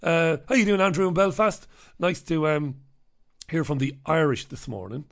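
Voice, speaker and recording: A man's voice: fairly high pitch, normal speed. Rambling, jokey male host. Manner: irreverent, rambling, jokey banter. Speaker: radio show host. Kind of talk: casual live show chat, reading out listener messages.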